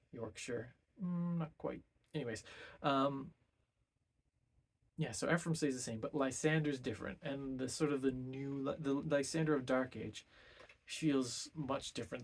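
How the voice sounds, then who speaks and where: A man's voice: mid-range voice, breathy edge. A man giving a casual, rambling book review full of ums and self-corrections.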